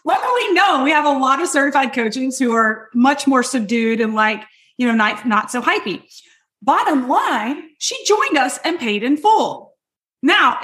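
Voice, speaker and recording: A woman with a high voice teaches sales skills with loud, hyped-up energy. She speaks emphatically and keeps turning to her listeners, asking if it makes sense, in an upbeat coaching style. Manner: loud and hypey; quick, emphatic, addresses listeners directly.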